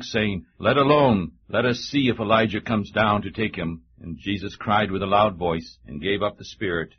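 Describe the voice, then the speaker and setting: A man reading a long scripture passage aloud in a measured, solemn way for a church radio broadcast. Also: fairly low pitch, husky, lo-fi sound. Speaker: scripture reader.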